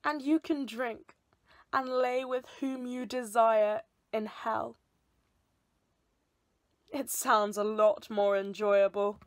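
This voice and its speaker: A defiant young woman condemned to the stake speaks with measured scorn, as a student actress plays her. Her voice sits fairly high and moves slowly, each line placed with care. It is recorded dry and close, with no room around it. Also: fairly even intonation, no room sound. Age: young adult. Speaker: student actor. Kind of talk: theatre monologue performed online.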